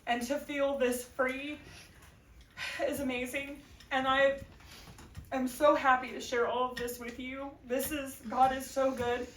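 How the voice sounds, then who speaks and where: High-voiced woman giving a testimony. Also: flat delivery, unhurried, a little hiss or hum. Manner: earnest, tearful at times, laughing between phrases. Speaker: church member giving a testimony. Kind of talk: emotional personal testimony. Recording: echoey room, voice from a distance.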